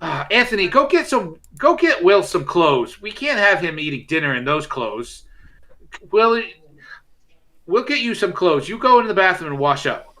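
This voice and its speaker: A man voicing a middle-aged mother who fusses over a dinner guest and scolds her children, with the voice pitched well above his own. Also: sing-song, moderate pace, fairly bright tone. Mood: fussing. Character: bossy mother of the household, middle-aged woman.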